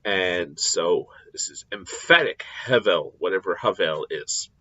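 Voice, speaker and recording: A man giving a recorded scripture lecture, explaining deliberately with frequent pauses and fillers. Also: low voice, lively intonation, sharp tone, slightly rough, muffled recording. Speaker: Bible teacher.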